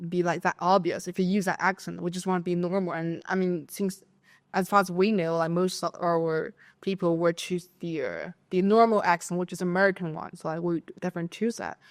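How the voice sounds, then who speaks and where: A Chinese woman with a Chinese accent co-hosts a podcast, recounting a story from school during casual chat. Her voice is lowish and fairly quick, and she's animated and lively, imitating her classmates' voices.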